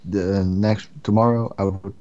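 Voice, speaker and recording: A man's voice: lowish voice, level tone, unhurried. A man appearing as a guest on a casual podcast, giving short teasing replies. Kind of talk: casual podcast chat over a call. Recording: muffled lo-fi line, loud crowd behind.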